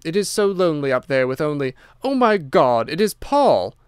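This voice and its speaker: A lonely, anxious young woman in an audiobook scene, speaking halting broken English, voiced by a male narrator. Smooth, clear delivery, recorded dry. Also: a little high, a little mellow, dry recording, lightly acted.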